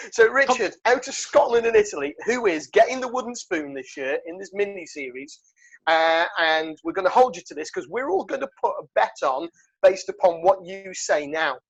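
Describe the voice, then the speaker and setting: Rambling high-voiced podcast host, lo-fi. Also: male voice, expressive, moderate pace, creaky, slightly rough. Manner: rambling, with many ums and restarts. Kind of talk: casual banter. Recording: dull lo-fi sound.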